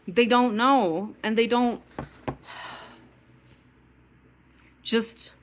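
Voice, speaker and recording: A woman's voice: a little high, extremely slow, a little hiss or hum. Profane, ranting East Coast woman. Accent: East Coast American. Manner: bitter, profane, repetitive ranting with many filler likes. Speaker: vlogger. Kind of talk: casual rant to camera.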